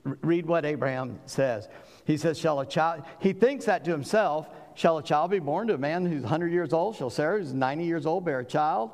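A man's voice: fairly high pitch, brisk, darkish tone, in a large hall. A man preaching a sermon with emphatic delivery, voicing figures from scripture as he goes. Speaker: pastor.

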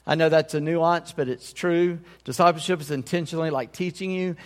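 Slightly high-voiced preaching pastor, reverberant hall. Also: male voice, fairly quick. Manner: conversational, checks in with the congregation. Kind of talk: sermon.

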